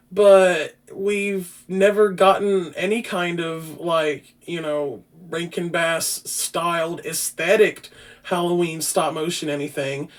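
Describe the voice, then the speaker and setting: A man hosting a podcast, casually reviewing a film in a rambling, profane way with frequent restarts. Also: sits high. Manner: grows loud and animated. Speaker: podcast host.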